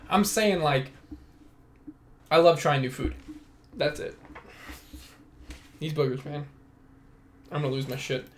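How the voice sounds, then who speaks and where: A man's voice: fairly high pitch, fairly even intonation, takes it slowly, pauses often, slight background noise. A young man hosting a casual solo podcast, rambling and self-mocking, swearing freely. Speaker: podcast host.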